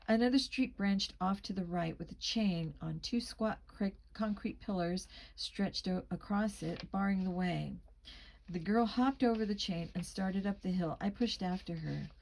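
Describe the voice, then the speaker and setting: A woman's voice: medium pitch, creaky, darkish tone, rough recording. A woman reading a teen mystery novel aloud as a first-person narrator, shading the dialogue with small voice changes. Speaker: audiobook reader. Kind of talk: amateur audiobook narration.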